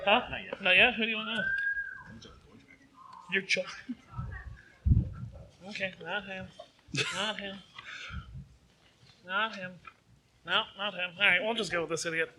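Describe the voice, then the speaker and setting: A man's voice: sits high, fairly even intonation, a little slow, long pauses. A man playing a tabletop role-playing game, joking and muttering asides. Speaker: player. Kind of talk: casual tabletop play. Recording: noisy recording.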